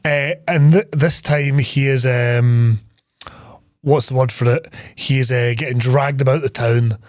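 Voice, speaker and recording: A man's voice: medium pitch, steady tone, measured pace, a little mellow, no room sound, studio quality. A young man co-hosting a casual film chat, rambling and swearing with lots of fillers. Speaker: podcast co-host.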